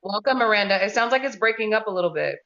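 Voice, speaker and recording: A woman's voice: medium pitch, expressive, fast talker, fairly bright tone, lo-fi sound. A woman hosting a live audio chat room, welcoming and organized, keeping things on schedule. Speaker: room host.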